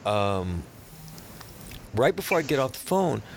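A man's voice: mid-range voice, unhurried, creaky, a little hiss or hum. A man who works as a radio host, telling a story casually and acting out the people he quotes. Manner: animated, acts out quoted speech.

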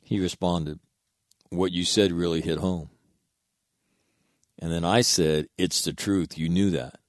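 A man's voice: low voice, steady tone, a little slow, dry recording, studio quality. A man telling an earnest story in a casual monologue, reading out text messages and swearing freely.

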